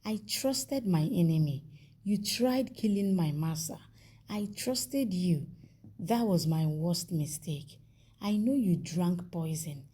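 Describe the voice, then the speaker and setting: A woman voicing an angry, vengeful young husband in a soap opera recap, in her own slow, husky voice. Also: lowish voice, expressive, warm tone, heavily acted. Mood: cold, hateful.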